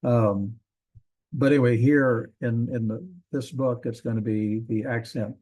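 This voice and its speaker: Relaxed, dark-voiced man teaching a class. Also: medium pitch, a little slow. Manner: relaxed, rambling, frequent ums and self-corrections. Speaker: Hebrew teacher. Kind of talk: classroom lecture.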